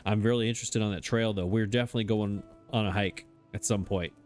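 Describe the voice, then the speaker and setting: A man's voice: lowish voice, fairly even intonation, fast talker, soft background music. A man giving casual, self-mocking commentary as he plays a game, chatting and laughing at himself as he goes. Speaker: let's play host.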